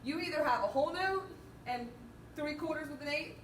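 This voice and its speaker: A high-pitched woman leads a band lesson, counting and singing rhythms aloud. She sounds distant from the mic in an echoey room. Faint background noise sits under her voice. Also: a little fast. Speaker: band teacher. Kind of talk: music lesson walkthrough.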